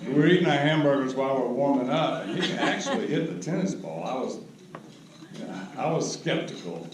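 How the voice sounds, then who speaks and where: An older man giving a humorous storytelling speech at a roast, with wry, unhurried comic timing. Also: mid-range voice, expressive. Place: large banquet hall. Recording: echoey hall recorded from a distance with background noise.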